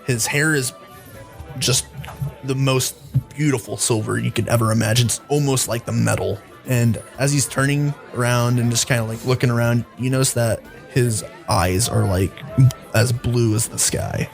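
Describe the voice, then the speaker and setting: A man's voice: mid-range voice, moderate pace, gravelly, soft background music. A man narrating a tabletop game as dungeon master, in a casual, loose way with many fillers.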